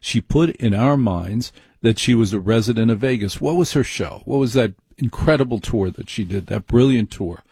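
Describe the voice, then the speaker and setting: Husky-voiced man ranting comedically. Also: fairly low pitch, expressive, normal speed, few pauses, a little mellow, no room sound. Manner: rambling, digressive, conversational. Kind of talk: comedic rant monologue.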